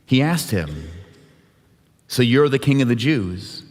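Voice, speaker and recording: A man tells a scripture story to a church congregation, lightly voicing each character as he goes. His voice sits at a middle pitch. The sound rings with the long reverb of a large sanctuary. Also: very animated, takes it slowly. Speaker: worship leader. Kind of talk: dramatic scripture retelling.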